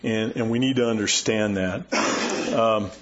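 A man's voice: lowish voice, steady tone, a little slow, lo-fi sound, noisy background. A male pastor preaching a conversational sermon, often checking in with his listeners. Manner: folksy, asks listeners "right?" and "okay?".

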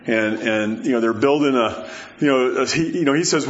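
A man preaching a sermon as a pastor, talking in a loose, conversational way with many fillers and animated storytelling. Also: mid-range voice, moderate pace, hardly any pauses. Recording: dull lo-fi sound.

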